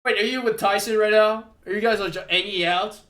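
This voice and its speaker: High-voiced Québécois French streamer. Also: male voice, brisk. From Quebec. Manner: excitable, stammering, laughs often. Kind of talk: casual live-stream chat. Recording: echoey room with faint music.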